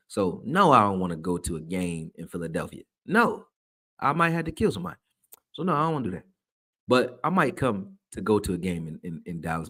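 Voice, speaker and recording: With a fairly low-pitched voice, a man runs a live stream, talking casually to his viewers and reading their comments aloud. He's slangy and relaxed, curses without restraint, and turns loud once he's fired up.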